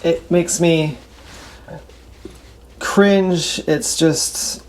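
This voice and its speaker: At home, a vlogger washes dishes while rambling through a casual monologue in a medium-pitched, steady voice. He sounds unsure, sighs, and speaks haltingly. The running tap and clattering dishes make the kitchen noise loud.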